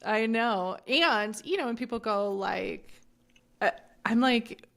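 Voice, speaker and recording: Speaking slowly with vocal fry in a higher register, a middle-aged woman shares a personal story as a guest on a podcast. Her candid, conversational telling is blunt and lively, full of swearing and dramatized quotes from others.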